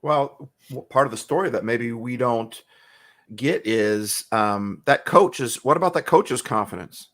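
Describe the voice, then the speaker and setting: A man's voice: medium pitch, a little slow, a bit bright. Thoughtful man in casual chat. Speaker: podcast co-host.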